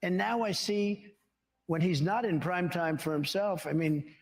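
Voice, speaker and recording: An older man in his seventies answers questions at a town hall, his voice a little higher than most men's. He rambles from one story to the next and boasts along the way. A long reverb from a large hall trails after his words. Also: a little slow. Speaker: interview guest.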